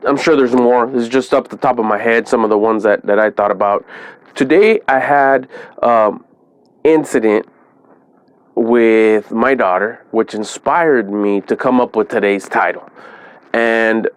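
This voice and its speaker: A chatty middle-aged man talking straight to camera in a relaxed vlog, retelling a family moment. His voice sits at an everyday pitch and is recorded dry and close, with no room echo. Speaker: vlogger. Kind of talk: casual vlog storytelling.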